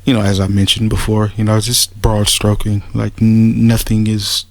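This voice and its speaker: Sarcastic gravelly low-voiced man. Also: flat delivery, normal speed, no room sound. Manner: mocking, sarcastic, rambling with restarts. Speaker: commentator making a response audio. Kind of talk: casual spoken rebuttal.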